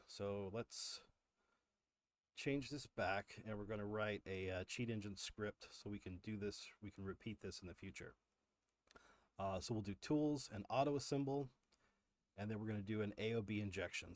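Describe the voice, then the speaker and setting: Male streamer, lowish voice, casual explainer with ums and restarts, dry close mic. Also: no echo. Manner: explanatory, frequent fillers and restarts. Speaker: livestream host. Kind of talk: live coding walkthrough.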